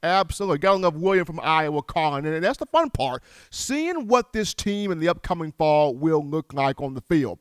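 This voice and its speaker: A man hosting a sports call-in show, upbeat and animated as he greets callers. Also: on the high side, fairly quick, hardly any pauses, clean tone, dry recording, clean studio sound. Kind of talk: sports radio call-in talk.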